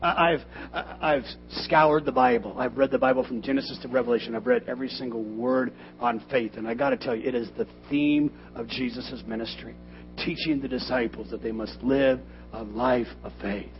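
A man preaching a sermon in a church, animated and joking, with loud emphatic bursts. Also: mid-range voice, moderate pace. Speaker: pastor. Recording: dull lo-fi sermon recording with faint music.

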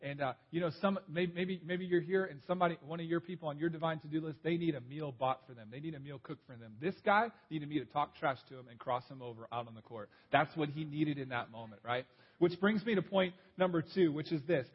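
Husky-voiced man preaching a sermon. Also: a little high, a little fast, muffled recording. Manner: conversational storytelling preacher, repeats key points. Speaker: pastor.

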